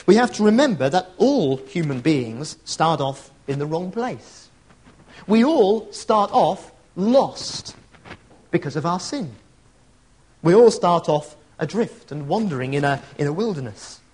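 Middle-aged guy preaching, earnest and chatty, voice pitched kinda high and really lively up and down. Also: measured pace. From England. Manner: earnest, conversational, storytelling asides. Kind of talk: sermon.

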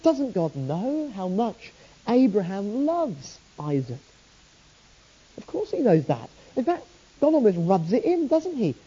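Husky, very dark-voiced preacher. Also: mid-range voice, very animated, unhurried, muffled recording. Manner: rhetorical questions, earnest storytelling. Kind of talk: sermon.

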